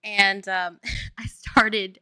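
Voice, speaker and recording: A woman's voice: mid-range voice, little pitch movement, extremely slow, sharp tone, clear, resonant tone, no room sound, clean studio sound. A woman from Louisiana, a game developer chatting casually on a stream, rambling and laughing often. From Louisiana, US Southern. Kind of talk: casual chat on a dev stream.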